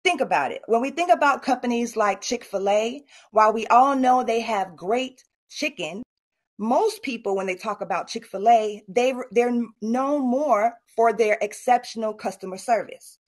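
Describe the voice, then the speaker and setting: A woman's voice: on the high side, moderate pace. A middle-aged woman giving a motivational talk at an online summit and coaching her audience directly. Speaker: speaker.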